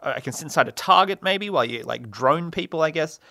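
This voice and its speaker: A man's voice: fairly high pitch, expressive, fairly quick, creaky, sharp tone, no echo, studio quality. A young man hosting a solo comedy podcast, rambling and self-mocking with lots of fillers and laughs. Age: young adult. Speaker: podcast host.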